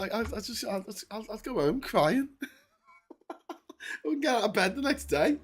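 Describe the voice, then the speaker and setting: A man hosting a long solo livestream, reading out viewer messages in an excitable, chatty way, laughing often and restarting his sentences, and tired from the long stream. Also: extremely high pitch, unhurried, long pauses, slightly rough. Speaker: livestream host.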